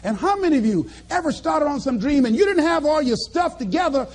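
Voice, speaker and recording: A man's voice: very high-pitched, expressive, brisk. A man giving an emphatic, preacher-like motivational speech to a live audience, stretching key phrases. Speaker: motivational speaker.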